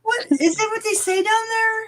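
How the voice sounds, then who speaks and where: A woman's voice: extremely high pitch, normal speed, a bit bright. A woman from Chicago chatting as a guest on a live chat, making blunt, wry remarks. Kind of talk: casual chat.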